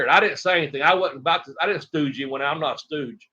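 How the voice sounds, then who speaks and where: A middle-aged man from Tennessee, a retired wrestler telling rambling, animated stories as an interview guest and acting out other people's lines. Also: fairly high pitch, rapid-fire, hardly any pauses. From Tennessee, USA. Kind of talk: casual storytelling interview. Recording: dull lo-fi audio.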